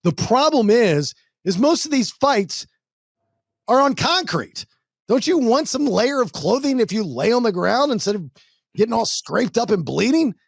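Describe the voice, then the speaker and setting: A man's voice: very high-pitched, big pitch swings, measured pace, vocal fry, slightly rough, dry recording, studio quality. A man hosting a casual podcast, telling stories bluntly and acting out other people's lines in mock voices. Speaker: podcast host. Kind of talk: casual chat.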